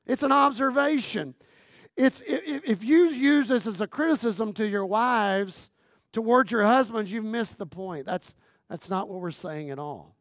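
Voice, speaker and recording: A man preaching a sermon as guest pastor, talking in a humorous, conversational way with lots of repetition, going from loud emphatic lines down to near-quiet phrases. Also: high-pitched, measured pace, no echo, clean studio sound. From Texas.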